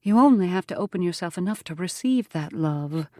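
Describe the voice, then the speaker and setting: A woman's voice: fairly low pitch, expressive, brisk, a little mellow, no room sound, clean studio sound, lightly acted. Woman reading a tender young frontier woman. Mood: tender reassurance. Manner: tender and reassuring. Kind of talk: audiobook character voice.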